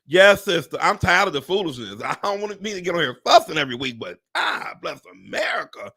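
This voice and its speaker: A man hosting a casual live stream as a real estate agent, his voice sitting a little high and swooping all over as he talks. There is a gravelly rasp running under his words. He is loud in his reactions, swears freely and addresses viewers as "y'all". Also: fast talker. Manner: animated and exclamatory, swears and laughs often.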